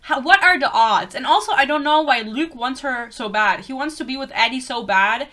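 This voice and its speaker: A woman's voice: high-pitched, expressive, normal speed, bright, forceful tone. A young woman giving a blunt, sarcastic book rant, swearing freely and laughing often, recorded indoors close to the camera. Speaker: book reviewer.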